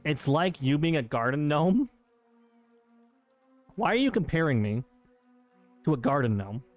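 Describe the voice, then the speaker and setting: A man's voice: a little high, big pitch swings, unhurried, faint music behind. A man streaming a game live, bantering and joking with his chat in a playful, teasing way.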